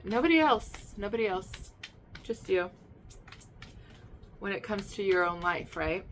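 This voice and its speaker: A woman's voice: mid-range voice, a little hiss or hum. A woman giving a casual spoken tarot reading in a chatty, emphatic way, repeating herself, with many fillers and restarts. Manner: emphatic, swings to loud excited bursts. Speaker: tarot reader.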